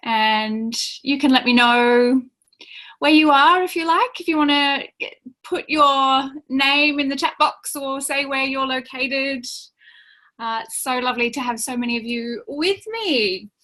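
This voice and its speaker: A woman hosting a live spiritual webinar from home, greeting viewers warmly by name. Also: high voice, a little slow. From Australia. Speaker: webinar host, spiritual teacher. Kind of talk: live online webinar talk.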